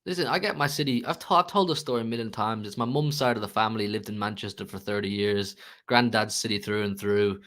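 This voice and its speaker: A man with an Irish accent co-hosting a football fan show, bantering and teasing while giving shout-outs to viewers. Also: lowish voice, quick pace. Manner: jokey, teasing, reads out viewer messages.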